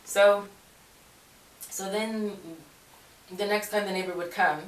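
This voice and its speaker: Taking it slowly, a woman with a medium-pitched, fairly even voice shares her faith story as a Christian video blogger, meandering, laughing, and often correcting herself. The room echoes and she sits far from the microphone.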